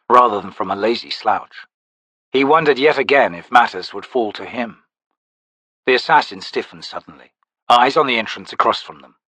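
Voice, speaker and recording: A man narrating a fantasy audiobook with expressive storytelling. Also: mid-range voice, dry recording.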